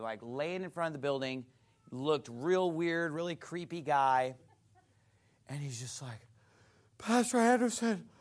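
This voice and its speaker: A man's voice: on the high side, fairly bright tone. A male pastor preaching a sermon in a church, blunt and mocking.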